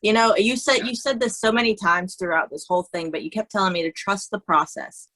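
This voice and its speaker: A woman's voice: medium pitch, brisk, fairly bright tone, poor audio. A woman, a makeup artist, talking in a casual conversation, chatty and laughing, often restarting her sentences. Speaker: guest, cosmetologist and makeup artist.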